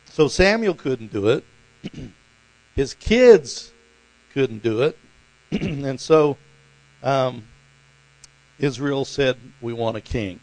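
A man's voice: medium pitch, no room sound, rough recording. A middle-aged man preaching a sermon, telling stories in a folksy way with chuckles and fillers. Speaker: pastor.

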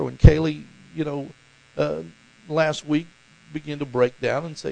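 A man preaching a sermon as pastor, animated and acting out the voices in the stories he tells. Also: on the high side, a little slow, gravelly, low-quality recording. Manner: animated, acts out voices in quotes.

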